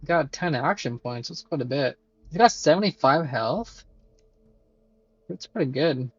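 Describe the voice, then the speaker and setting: A man's voice: fairly high pitch, expressive, unhurried, husky, no room sound, dull audio. Chatty man streaming a game. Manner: chatty, thinks aloud, many fillers and swears. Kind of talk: casual live game commentary.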